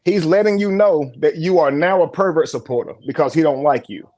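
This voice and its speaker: Hosting a casual livestream commentary, a man talks bluntly and indignantly with plenty of swearing. His voice sits on the high side with a darkish tone, and he speaks a little fast.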